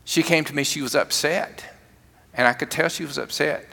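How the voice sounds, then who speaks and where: A male pastor preaches in a loose, humorous storytelling style, stumbling over restarts as he goes. His voice sits a little high and rings bright and forceful. The sound carries the long reverb of a large church sanctuary. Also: normal speed, gravelly. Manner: conversational, humorous, frequent restarts. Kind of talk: sermon with storytelling.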